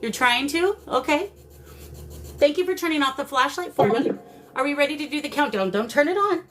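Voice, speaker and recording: A woman hosting a live paranormal spirit session, coaxing the spirits and greeting her viewers in a warm, emotional way. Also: high-pitched, lively intonation, brisk, slight background noise. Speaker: paranormal livestream host.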